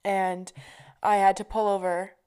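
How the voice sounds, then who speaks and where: A woman's voice: mid-range voice, level tone, unhurried, darkish tone, clean tone. A young adult woman telling stories in a casual chat, swearing freely and filling her talk with "like". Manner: chatty storyteller, swears freely, many fillers. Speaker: vlogger.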